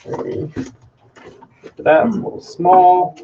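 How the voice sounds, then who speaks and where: A man's voice: high voice, steady tone, drawn-out words, dark tone, lo-fi sound, slight background noise. A man hosting a live stream from his home workshop, casually talking through his work, thinking aloud and joking about himself. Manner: chatty, self-deprecating, thinking aloud while working.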